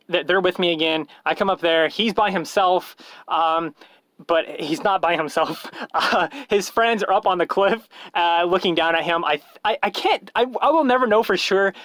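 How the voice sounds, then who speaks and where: A man's voice: fairly high pitch, fairly bright tone, no room sound. A man telling a rambling, self-mocking story in a casual vlog, full of fillers and restarts.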